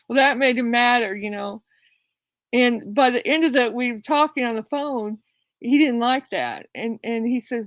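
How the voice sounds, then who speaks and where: A woman's voice: a little high, moderate pace, dry recording. Chatty woman with a close, dry sound. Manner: chatty, retells quarrels acting out both sides; rambling with frequent restarts. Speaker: livestream host. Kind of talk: casual storytelling to viewers.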